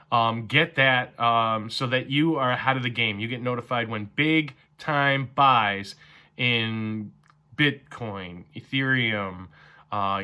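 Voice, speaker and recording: Excited bright-voiced male crypto vlogger. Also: medium pitch. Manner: excited, fast-paced with many fillers. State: slightly strained voice from talking all morning. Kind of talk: casual enthusiastic market update.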